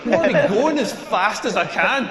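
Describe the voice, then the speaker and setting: A brash Scottish man in his forties tells crude, self-deprecating stories on a club stage. His voice sits fairly high and rings out with a long, roomy echo. An audience laughs behind him. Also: very animated, moderate pace, a bit bright, a faint crowd. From Scotland. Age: 40s. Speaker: stand-up comedian. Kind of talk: stand-up comedy set.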